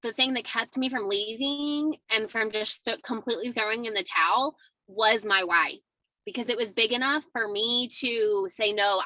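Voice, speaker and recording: A woman's voice: fairly high pitch, sharp tone, no room sound, rough recording. A woman chatting casually and candidly about sticking with her network marketing work. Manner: candid, casual, speaks with fillers like "um" and "like". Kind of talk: casual chat.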